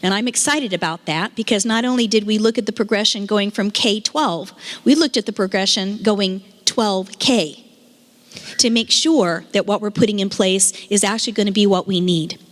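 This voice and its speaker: An earnest woman addresses a community meeting, building her points through repetition. Her voice sits at an ordinary middle pitch. A long reverb from the meeting hall trails behind each phrase. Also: moderate pace. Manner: earnest, repeats phrases for emphasis. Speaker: state education official speaking at a meeting. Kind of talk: public speech.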